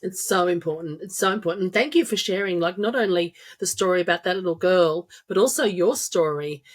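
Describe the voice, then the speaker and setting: A woman hosting a podcast, asking friendly, halting questions with frequent fillers. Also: on the low side. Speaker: podcast host. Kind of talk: interviewing a guest.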